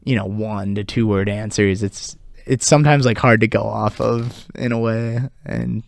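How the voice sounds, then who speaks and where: A man's voice: lowish voice, moderate pace, gravelly, dry recording. Young male co-host, easygoing, filler-heavy, dry studio sound. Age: young adult. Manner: relaxed, filler-heavy, laughs often. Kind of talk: casual chat. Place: college radio studio.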